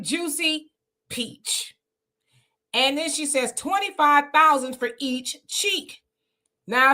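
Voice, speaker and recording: A woman's voice: fairly high pitch, pushed and bright. A woman hosting a live stream, giving chatty, opinionated commentary and laughing often. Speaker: livestream host.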